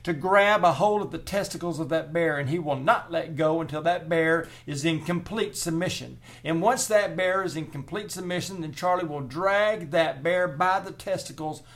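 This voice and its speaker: Guy putting on a loud cocky country bear-catcher guy, gravelly, pushy sales talk. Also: on the high side, moderate pace, pitched above the performer's own voice. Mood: boastful. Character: brash country male bear-removal man, boastful.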